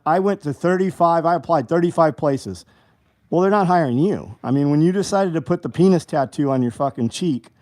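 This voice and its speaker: A man's voice: mid-range voice, a little mellow. Blunt, profane man on a livestream. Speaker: livestream host. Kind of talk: casual livestream chat reading viewer comments.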